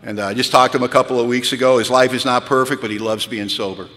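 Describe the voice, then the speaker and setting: A man in his fifties telling his recovery story as a retreat speaker, with animated, self-deprecating humor and a habit of saying "man.". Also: mid-range voice, fast. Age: 50s. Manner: peppers speech with "man". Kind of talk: storytelling talk. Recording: echoey hall with long reverb.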